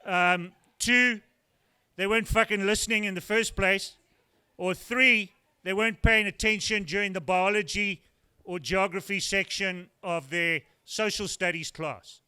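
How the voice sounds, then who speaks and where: A man's voice: sits high, steady tone, unhurried, pushed and bright, smooth. Older South African man doing stand-up. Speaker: stand-up comedian. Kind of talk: stand-up routine. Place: brewery taproom with live audience.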